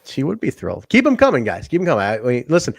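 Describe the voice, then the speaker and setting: A man's voice: medium pitch, wildly swooping pitch, racing, gravelly, husky, no room sound. A man co-hosting a wrestling podcast in casual chat, swearing freely, rambling and laughing often. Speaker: podcast co-host.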